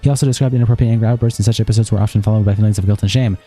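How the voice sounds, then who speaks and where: Man, streamer, reading a statement aloud, very rapid, flat delivery, dark mellow tone. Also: fairly low pitch, faint music behind. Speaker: live streamer.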